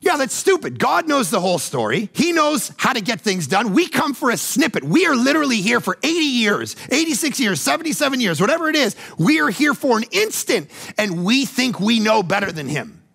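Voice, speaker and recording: Middle-aged guy preaching, high voice, super animated, goes from loud to hushed. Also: a little fast, creaky, few pauses, slightly rough. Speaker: pastor. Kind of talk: sermon.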